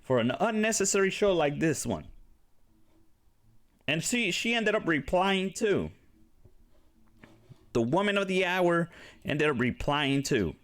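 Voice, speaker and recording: Profane, animated man ranting casually. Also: a little high. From Mexican-American, grew up near a casino. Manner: blunt and profane, animated rants. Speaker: commentator reacting to clips. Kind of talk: casual reaction commentary.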